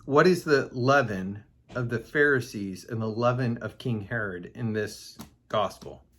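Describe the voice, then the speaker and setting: A man's voice: mid-range voice, unhurried, fairly bright tone. A man hosting a casual Bible study podcast, talking loosely with fillers and asides as he explains a passage. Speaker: podcast host teaching the Bible.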